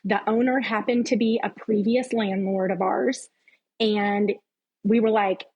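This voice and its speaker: A woman's voice: medium pitch, steady tone, a little slow, a little mellow, breathy edge, dull audio. A middle-aged woman, a podcast guest, giving an earnest, heartfelt personal faith testimony.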